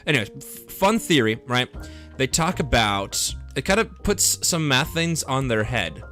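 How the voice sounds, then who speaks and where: Young man, game streamer, rambling casual chat, upbeat, mid-pitched voice, faint music behind. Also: big pitch swings, measured pace, pushed and bright. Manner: rambling, upbeat, thinks aloud while playing. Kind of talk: casual live gameplay chat. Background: faint background music.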